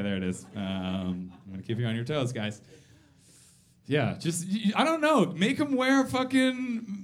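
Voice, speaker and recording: A man in his thirties performs stand-up in a basement club. His voice sits a little high and swings widely in pitch. He swears freely, mocks himself and throws quick asides at the audience. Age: 30s. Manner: profane, self-mocking, quick asides to the crowd. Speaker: stand-up comedian. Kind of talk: live stand-up set. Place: basement comedy venue.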